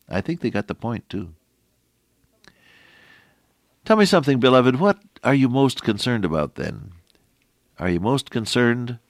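A middle-aged man preaching a folksy radio sermon, quoting scripture in an animated way. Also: lowish voice, no room sound, clean studio sound.

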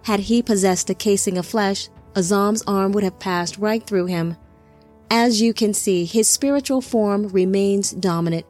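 Woman narrating an audiobook slowly. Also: medium pitch, a little mellow. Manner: slow, deliberate reading. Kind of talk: scripted narration.

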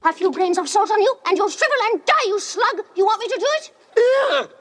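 Shrill, threatening young wife, high and lively, from a TV show. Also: female voice, normal speed. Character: spiteful young wife threatening her husband.

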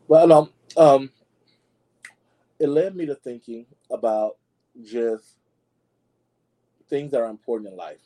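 A man hosting a casual gossip show with a mellow, warm tone. He talks in a sassy, dramatic way, calls his listeners y'all and leaps into high squeals when he wants to stress something. His everyday speaking pitch sits in the middle. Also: takes it slowly, pauses often, low-quality recording. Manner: swoops into high squeals for emphasis. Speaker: podcast host.

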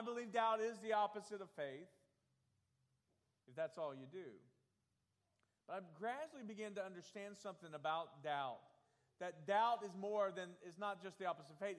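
High-voiced preacher in a reverberant hall. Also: male voice. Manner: preaching with rising intensity, asks the congregation to raise hands. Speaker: pastor. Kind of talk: sermon.

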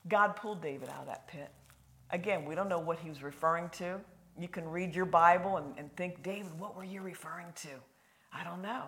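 A woman preaching a sermon in a folksy, conversational way, swinging from loud emphasis to hushed, near-whispered lines. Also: fairly low pitch, a little fast.

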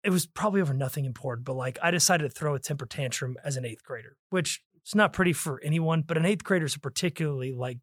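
Guy on a podcast, slightly high voice, dry close sound, reads bits out loud w/ emphasis. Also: fast, hardly any pauses, no echo. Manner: reads quoted passages with stressed words, lively. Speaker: podcast co-host. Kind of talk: casual book discussion with read-aloud passages.

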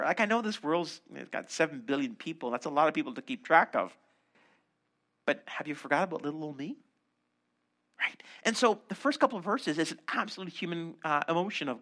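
A man preaching a sermon, teaching through scripture with animated, acted-out asides. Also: high-pitched, fairly quick. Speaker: pastor.

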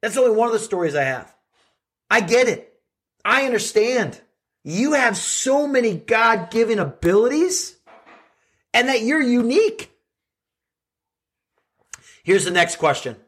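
A middle-aged man with a high voice delivers an earnest motivational talk. He speaks straight to his listeners and keeps firing rhetorical questions at them, like a coach giving a pep talk. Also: big pitch swings, unhurried, pauses often, a bit bright, husky. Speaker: podcast host and coach.

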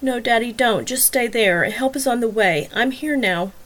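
A young woman, as a woman reads her, speaking softly and soothingly. Her voice stays low and gentle. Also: normal speed, natural voice. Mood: tender. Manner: soft, soothing. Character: young woman comforting her hurt father.

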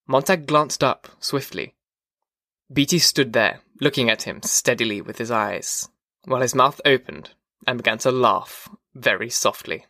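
This audiobook narrator is a man who tells the story at an even, measured pace. The medium-pitched voice comes through clean studio sound without echo.

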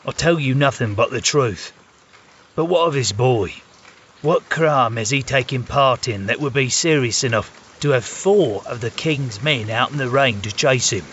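An actor playing a polite, composed, firm monk in an audio drama. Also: male voice, mid-range voice, measured pace, fairly bright tone, a little hiss or hum, natural voice. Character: calm, dignified older male monk. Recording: dull lo-fi recording.

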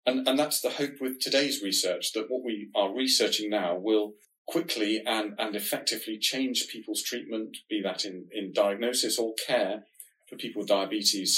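A man with a somewhat low, nasal voice, talking things through on a podcast. He explains calmly and steadily, in a measured, reassuring tone. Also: low-quality recording. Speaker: diabetes research podcast co-host.

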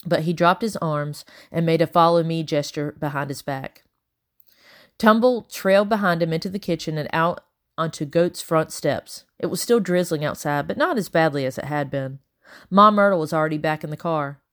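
A woman reading a children's novel aloud in a measured, expressive way. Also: low voice. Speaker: audiobook reader.

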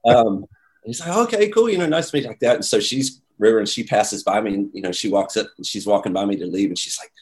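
A man telling a story in casual chat, animated, acting out the voices of the people in it. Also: lowish voice, fast talker. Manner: animated, acts out quoted voices, many "like"s.

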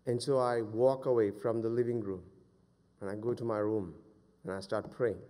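A man in his forties preaching a sermon as a pastor, moving between loud fervent exhortation and quiet personal storytelling. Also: fairly low pitch, steady tone, moderate pace. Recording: long hall reverb.

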